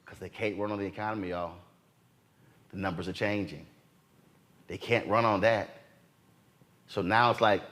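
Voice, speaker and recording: A man's voice: lowish voice, normal speed, long pauses, fairly bright tone. A man hosting a political talk show, delivering fired-up commentary with a preacher-like cadence and quoting others in mock voices. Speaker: host.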